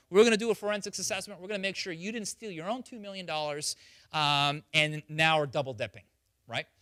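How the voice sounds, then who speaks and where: Animated man giving a security talk. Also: fairly high pitch, no echo, studio quality. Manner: animated, conversational, asks the audience questions. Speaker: security speaker. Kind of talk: presentation.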